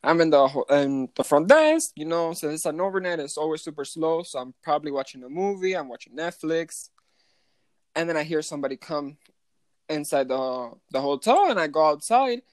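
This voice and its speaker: A young adult telling a story from night shifts at a hotel front desk, animated and swearing, with many "like" fillers and some Spanish phrases. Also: medium pitch, moderate pace, no echo. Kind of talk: casual storytime vlog.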